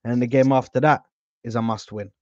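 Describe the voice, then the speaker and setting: A man's voice: medium pitch, steady tone, brisk, dry recording, lo-fi sound. Slangy young man hosting a stream. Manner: slangy, shouting out viewers. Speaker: host. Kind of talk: casual live-stream chat.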